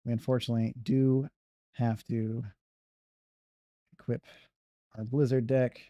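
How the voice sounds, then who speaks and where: A man's voice: medium pitch, little pitch movement, a little slow, long pauses, warm tone, dry recording, studio quality. A man giving casual commentary on his own speedrun, muttering and thinking aloud as he plays from his couch. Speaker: speedrunner streamer. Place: living room on couch.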